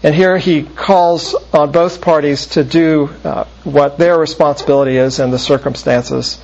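A man's voice: fairly high pitch, steady tone, creaky, darkish tone. Man teaching scripture, muffled lo-fi sound. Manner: measured, explanatory, pausing often mid-phrase. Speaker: preacher. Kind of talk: expository Bible teaching. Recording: muffled lo-fi recording.

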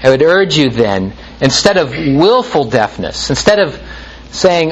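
A man's voice: fairly high pitch, big pitch swings, measured pace, muffled recording. A man preaching a sermon in an earnest, exhorting manner, sometimes restarting his phrases.

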